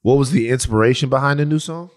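A man's voice: medium pitch, quick pace. A man co-hosting a podcast in casual chat, playful and given to singing his own jingles. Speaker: podcast co-host.

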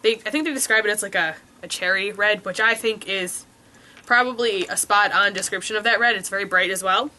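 A woman's voice: mid-range voice, brisk, bright, forceful tone. A young woman with a stuffed-up nose, reviewing lipsticks in a chatty, rambling way with many ums and likes. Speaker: beauty vlogger. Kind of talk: casual product review. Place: room with a window.

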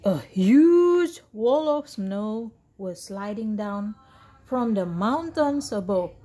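A woman with a medium-pitched voice reads a picture book aloud slowly, giving the characters expressive voices. She's a storybook reader delivering an animated read-aloud full of voiced dialogue.

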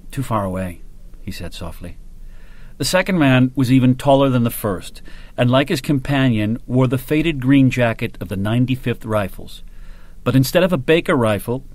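A man narrates an audiobook in a steady, measured storytelling manner, reading from a script. His voice is medium-pitched and the recording is dry.

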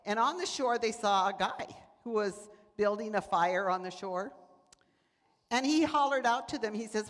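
A woman's voice: mid-range voice, moderate pace. A woman giving a sermon, telling stories and acting out the voices of people in them. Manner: animated, acts out voices in quotes. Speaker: preacher. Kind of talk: sermon with storytelling. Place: church sanctuary. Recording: church hall reverb.

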